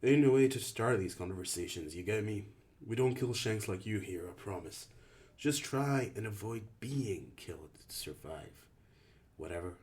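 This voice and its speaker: Man voicing a gruff slangy teen boy leader. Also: lowish voice, expressive, moderate pace, close to an everyday voice. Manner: gruff slangy talk, snaps and shouts. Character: rough bossy teenage boy leader. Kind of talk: audiobook character reading.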